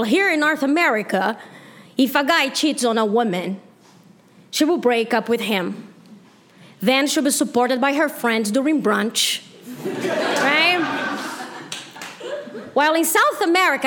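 A woman from Brazil with a Brazilian accent, performing a stand-up set with slow, deadpan punchlines in front of a laughing audience. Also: high-pitched. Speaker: stand-up comedian. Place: live comedy stage with audience laughing. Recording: live room with crowd laughter.

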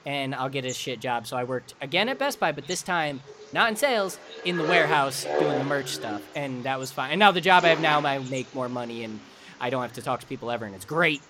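A man's voice: a little high, quick pace, background noise. A young man co-hosting a podcast in casual chat, blunt and swearing freely, acting out quoted lines. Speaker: podcast co-host.

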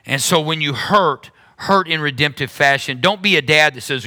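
A middle-aged man preaching a sermon as pastor, animated, with sudden high-pitched mocking asides. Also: moderate pace, few pauses.

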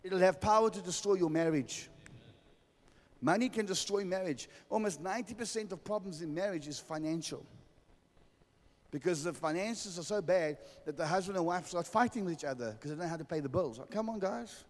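Man, South African accent, pastor, sermon, forceful, repetitive, long hall echo. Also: high voice, fairly quick. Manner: forceful, repetitive, direct address to congregation. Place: church hall.

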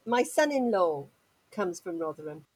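Older woman from Dorset, husky voice, rambling guest who laughs easily. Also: lowish voice, sing-song, a little slow, low-quality recording. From Dorset, England. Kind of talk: casual radio chat.

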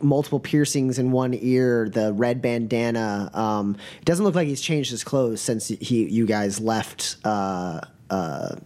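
A man's voice: medium pitch, a little mellow. A man narrating as game master in a tabletop game, rambling with many fillers.

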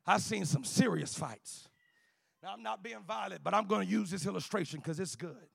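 A male preacher, delivering a sermon in a chanted, shouting cadence with an "uh" before each phrase, at times dropping to quiet storytelling. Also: high voice, moderate pace, gravelly, slightly rough, dry recording.

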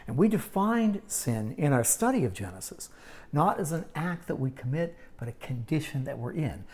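Low-voiced woman teaching scripture. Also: mellow. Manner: storytelling, dramatic pauses, wry asides. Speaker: Bible teacher. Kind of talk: sermon-style Bible teaching.

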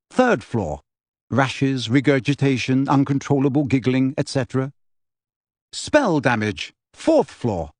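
A man reading a book passage aloud on a podcast in a measured, list-like way. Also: mid-range voice, dry recording. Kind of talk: audiobook-style reading.

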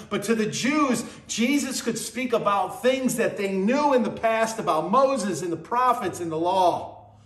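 High-voiced man preaching a sermon. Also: roomy sound. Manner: teaching verse by verse, rising emphatic then dropping low.

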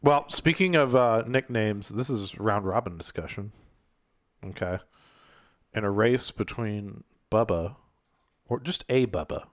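A man's voice: on the low side, a little slow, no room sound. A man hosting a podcast in casual chat, joking and laughing at himself. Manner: laughing, self-mocking banter. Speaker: podcast host.

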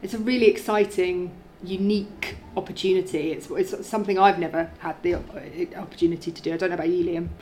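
Lady actor chatting about her role, kinda low voice, lots of restarts, faint hiss. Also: fairly even intonation, a little fast, few pauses, dark tone. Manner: enthusiastic, many restarts. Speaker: lead actor. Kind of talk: casual interview.

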